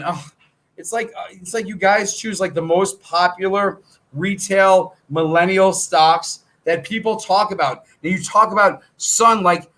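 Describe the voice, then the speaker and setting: A man hosting a casual stock trading Q&A, brash and animated, swearing freely and jumping from topic to topic. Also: sits high. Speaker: stock trading show host. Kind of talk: casual Q&A livestream.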